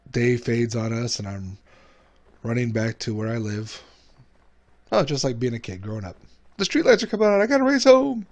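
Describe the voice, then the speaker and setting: A man hosting his own gaming channel, talking casually over gameplay, chatty and self-mocking with frequent laughs. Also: lowish voice. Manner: lively sing-song show intros.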